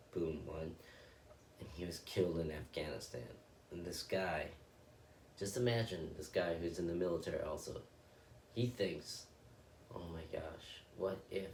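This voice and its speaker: A man's voice: sits low, a little mellow, slight background noise. A man telling a story and reflecting on it in a loose, rambling and earnest way, as a self-help speaker would. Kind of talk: casual spoken reflection. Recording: echoey, from a distance, faint ambience.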